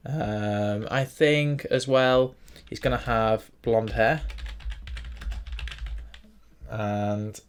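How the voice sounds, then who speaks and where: A man's voice: on the low side, fairly even intonation, drawn-out words, long pauses, clear, resonant tone. A young man hosting a casual writing tutorial, chatting and thinking aloud as he works through a form. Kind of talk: casual screen-recorded tutorial. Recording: faint background noise and typing clicks.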